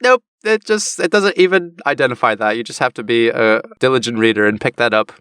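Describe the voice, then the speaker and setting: A man co-hosting a podcast, recapping a book in a casual chat with an animated, laughing delivery. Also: mid-range voice, brisk, clear, resonant tone, no room sound, studio quality. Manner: animated storytelling, frequent laughter. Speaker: podcast co-host.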